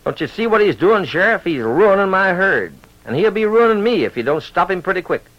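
An excitable old rancher who sputters and shouts when he is riled up, as a man puts him on. His voice sits high and gravelly. It comes through a dull old radio recording. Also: a little fast. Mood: agitated.

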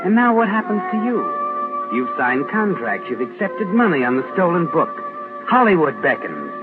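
A man's voice: sits high, big pitch swings, moderate pace. A man voicing an ominous radio-drama narrator who mockingly taunts the hero in 1940s radio acting, on a tinny old broadcast with music. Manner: taunting, mocking second-person questions.

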